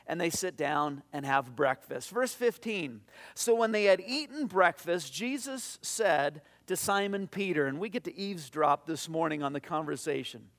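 A man preaching a sermon to his congregation, telling stories and reading scripture aloud, often dropping softer and slower for quoted lines. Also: on the high side, expressive. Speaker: pastor.

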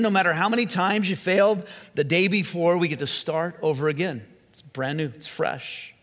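A man preaching a sermon as a pastor, earnest, stretching key phrases slowly and often restarting his sentences. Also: on the high side, fairly bright tone. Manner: earnest, with slow emphatic phrases and frequent restarts. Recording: long hall reverb.

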